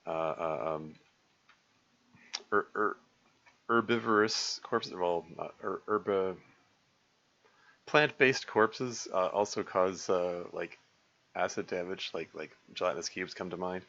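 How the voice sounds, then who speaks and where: A man's voice: low voice, slow, long pauses, bright, forceful tone, dull audio. A man casually commenting on his own game stream, rambling with many fillers, restarts and small chuckles. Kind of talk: casual let's-play commentary.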